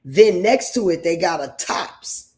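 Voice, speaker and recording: A livestream host from New York State, this man speaks in a high-sitting, slightly mellow voice with lively intonation and an unhurried pace. He shares his opinions in a rambling, emphatic style, frequently repeating himself.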